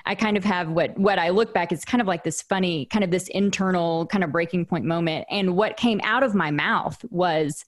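A woman's voice: lowish voice, moderate pace, hardly any pauses. Reflective woman hosting a faith podcast. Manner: reflective, frequent restarts and fillers. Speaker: podcast host. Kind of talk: casual interview conversation.

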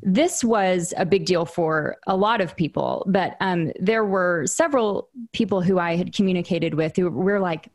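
A woman's voice: fairly low pitch, normal speed, few pauses, darkish tone. A woman hosting an interview podcast, talking things through in a casual, reflective way with frequent restarts and fillers. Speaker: podcast host.

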